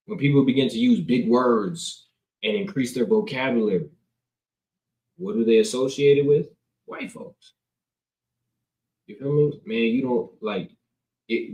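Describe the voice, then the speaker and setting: A man teaching from the Bible in a loose, slangy, conversational way, reading scripture and then riffing on it, filmed on a camera indoors. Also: medium pitch. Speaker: preacher. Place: indoors, filming himself on camera. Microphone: camera mic. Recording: roomy echo.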